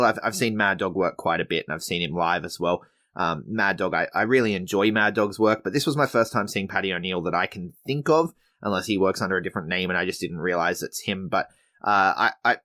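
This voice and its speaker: A man's voice: lowish voice, bright, forceful tone. A man hosting a wrestling podcast, recapping episodes in a chatty, laid-back way with frequent restarts. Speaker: podcast host reviewing wrestling shows. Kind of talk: casual recap commentary.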